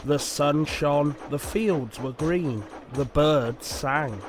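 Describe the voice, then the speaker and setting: A man narrating a children's storybook in a slow, expressive, measured way. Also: on the high side. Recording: music playing under the voice.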